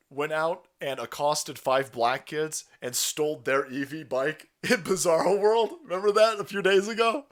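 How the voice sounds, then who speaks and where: A middle-aged man hosting a livestream, ranting crudely and loudly, laughing and mocking people in put-on voices. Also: fairly high pitch. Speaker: livestream host. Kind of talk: profane rant to chat.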